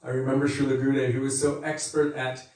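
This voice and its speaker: A man's voice: mid-range voice, little pitch movement, fast talker, a little mellow. Male spiritual teacher, easygoing, chatty class tone; recorded far off in a very echoey room. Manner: conversational, laughs and acts out quotes. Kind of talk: devotional scripture class.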